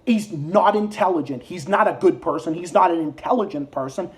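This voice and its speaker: A man's voice: high-pitched, fairly quick. An American man ranting angrily at a politician, heated and profane, repeating his insults over and over. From United States. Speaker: political commentary vlogger. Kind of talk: angry ranting monologue.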